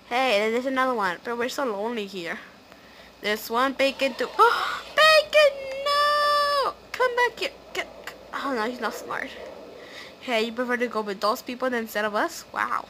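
A woman giving casual, excitable let's-play commentary as she plays, chatty and prone to gasps and squeals. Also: on the high side, normal speed, slight background noise. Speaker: gaming video host.

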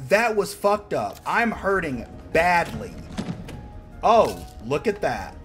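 A man playing a horror game and commenting, panicky, yelling and swearing at the enemies. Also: fairly high pitch, very animated, slow pace, soft background music. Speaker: gamer. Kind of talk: let's play commentary.

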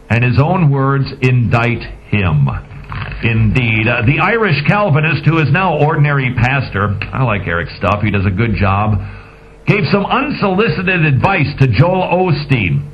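A man's voice: medium pitch, animated, a little slow. A man hosting a radio talk show, giving emphatic, sarcastic, preachy commentary on lo-fi audio. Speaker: radio host.

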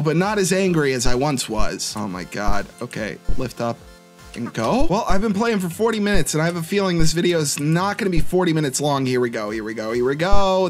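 A young man giving let's-play commentary, muttering in frustration at a hard game and saying "dude" a lot. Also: medium pitch. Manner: says "dude" constantly. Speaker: gaming YouTuber.

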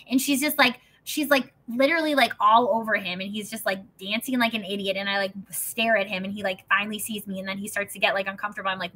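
Bright, husky-voiced woman in her thirties. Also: medium pitch, steady tone, quick pace, hardly any pauses. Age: 30s. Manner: chatty, peppered with "like", swearing, acting out quotes. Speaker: host reading and discussing a self-help book. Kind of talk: casual storytelling and book reading.

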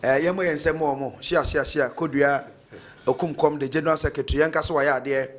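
A man's voice: on the high side, fairly even intonation, quick pace. A Ghanaian man hosting a radio talk show, chatting casually, laughing often and reading out listener messages.

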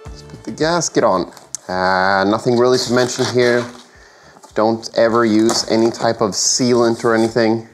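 A man's voice: mid-range voice, steady tone, moderate pace, music in the background. A man sounding sick, casually narrating his engine work in a garage and thinking aloud with hesitant fillers and self-corrections. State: sick, voice affected by illness. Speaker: home mechanic and channel host. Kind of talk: casual workshop narration while working. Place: home garage workshop.

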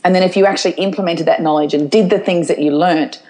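Woman, middle-aged, interview guest, open and frank, lowish voice, rambling restarts. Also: fairly even intonation, quick pace, mellow, poor audio. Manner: open, storytelling, restarts her sentences. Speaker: guest speaker. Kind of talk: candid interview answers.

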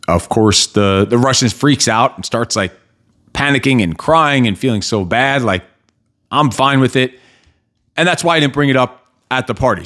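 A man hosting a solo podcast, speaking with a blunt, motivational edge and casual swearing. His voice sits at an ordinary middle pitch for a man. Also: a bit bright. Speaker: podcast host.

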